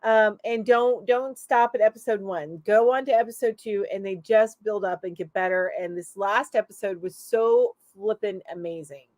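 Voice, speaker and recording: A woman's voice: mid-range voice, normal speed, few pauses, a little mellow, no echo. A woman hosting a casual live stream, chatty and enthusiastic, reading out viewer comments and laughing often. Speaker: host of a live crochet chat show.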